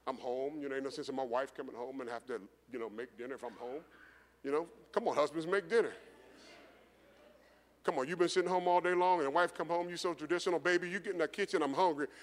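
Middle-aged preacher in a reverberant hall. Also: male voice, a little high, quick pace. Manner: conversational preaching, repeats phrases, builds to rising intensity. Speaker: pastor. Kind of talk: sermon storytelling.

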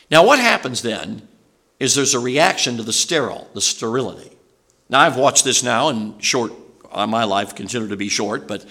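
Bright-voiced older man preaching. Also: mid-range voice. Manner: folksy, rambling with restarts and asides, asks the audience questions. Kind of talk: sermon.

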